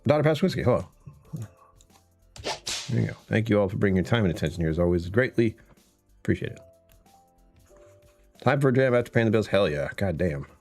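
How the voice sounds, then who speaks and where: A man with a very deep voice chats loosely through his own live stream, wandering between topics and chuckling often. He greets viewers one by one from his computer at home, with soft music playing behind him. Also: lively intonation, brisk, long pauses. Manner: rambling, chuckles often, greets chat by name. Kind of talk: casual livestream chat.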